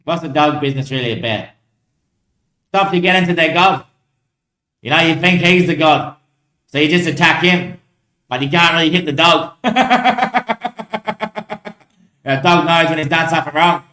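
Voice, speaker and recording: Man, casual rambling chat, swearing, bright tense voice, a bit high. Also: measured pace, long pauses. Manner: loose, swearing, laughing between lines. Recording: roomy echo.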